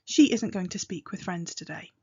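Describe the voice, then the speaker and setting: Woman teaching a language lesson, patient and clear, slightly muffled recording. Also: fairly low pitch. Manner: patient, gently explaining, models phrases slowly. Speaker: Welsh teacher.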